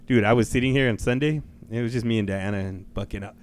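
A man co-hosting a podcast, chatting casually and profanely, telling excitable stories with squeaky impressions. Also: fast talker, a little hiss or hum. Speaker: podcast co-host. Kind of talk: casual chat.

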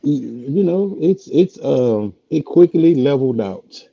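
A man's voice: medium pitch, lively intonation, a little slow, vocal fry, husky, no room sound. A man speaking as a podcast guest in casual chat, laid-back and reflective. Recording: dull lo-fi audio.

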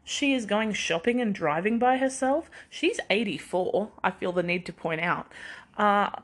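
A woman's voice: mid-range voice, lively intonation, a little slow. A young adult woman hosting a podcast on her own, rambling in casual chat and laughing at herself often. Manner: rambling, chatty, self-deprecating, laughs often. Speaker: podcast host.

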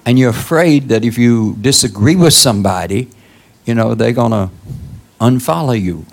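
A man preaching a sermon in a conversational style, prodding listeners with "huh?" and leaping up high for emphasis. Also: normal speed, creaky. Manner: conversational preaching with call-outs like "Huh?" and sudden high exclamations. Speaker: pastor.

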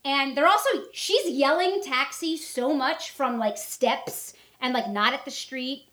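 A woman co-hosting a podcast in casual chat, telling a story in an animated way. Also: high-pitched, unhurried, roomy sound. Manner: animated storytelling, acts out quotes. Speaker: podcast co-host.

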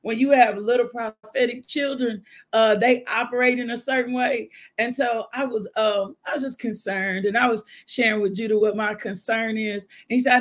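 Brief: high-pitched woman host preaching a devotional, loud and exuberant, full of whoops. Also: steady tone, normal speed. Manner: exuberant, shouts and whoops, call-and-response.

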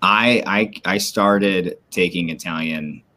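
A man's voice: low-pitched, slow pace, sharp tone. A man hosting a podcast, joking and teasing his co-hosts in casual banter, tired from a new baby. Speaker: podcast host.

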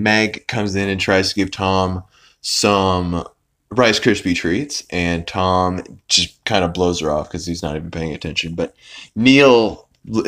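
A man's voice: low voice, fairly bright tone. A young man casually recapping a cartoon episode, rambling with fillers, restarts and swearing. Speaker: podcast host.

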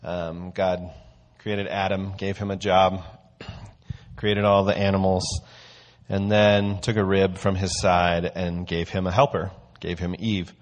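A man's voice: deep voice, level tone, slow, muffled recording. A man giving a casual, conversational sermon, telling a story before teaching. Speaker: church teacher.

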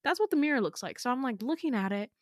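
A young woman hosts a podcast, recounting a dream in casual chat packed with fillers, swearing and self-mocking laughter. Her voice sits high and sounds animated and fast. The recording is dry and clean, studio-like, made on a home podcast mic.

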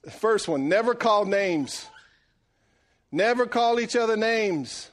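A middle-aged man preaching a sermon, animated and joking, swinging between loud and hushed delivery. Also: high voice, slow pace. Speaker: pastor.

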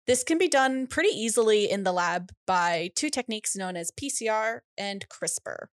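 A woman's voice: mid-range voice, expressive, moderate pace, no room sound. Woman explaining science, dry sound. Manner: explanatory, laughs easily. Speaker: podcast co-host. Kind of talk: casual science chat.

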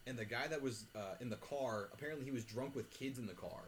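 A young man with a mid pitch talks fast while he recounts events to friends in a garage. He swears casually, and a faint room ambience sits behind him. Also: slight background noise. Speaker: podcast co-host. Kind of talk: casual chat. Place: home garage.

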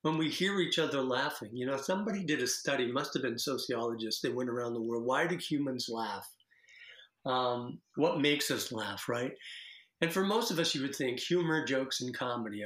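A man's voice: medium pitch, animated, moderate pace, fairly bright tone. Playful man in an echoey room. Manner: playful, demonstrates laughs. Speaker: guest, laughter practice teacher. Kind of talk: casual interview chat.

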